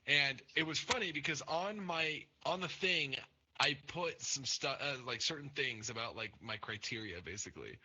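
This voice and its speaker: A man's voice: medium pitch, expressive, moderate pace, pushed and bright, slightly rough. A young man telling rambling, crude stories on a casual podcast, with many fillers. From Nebraska. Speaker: podcast co-host. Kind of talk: casual storytelling chat. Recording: dull lo-fi sound with faint noise.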